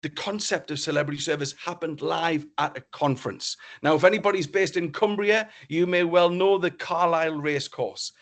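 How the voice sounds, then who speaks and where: A middle-aged man, a business speaker, tells a story to an online audience in a lively way and acts out the dialogue with exclamations. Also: on the high side, normal speed, few pauses.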